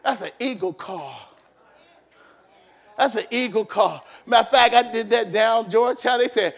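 A man pastor preaching a sermon, shouting and emphatic, repeating phrases for emphasis in a church. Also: very high-pitched, lively intonation, a little slow.

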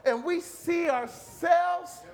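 A man preaching a fervent sermon in a church, shouting and repeating phrases. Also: very high voice, slow, gravelly.

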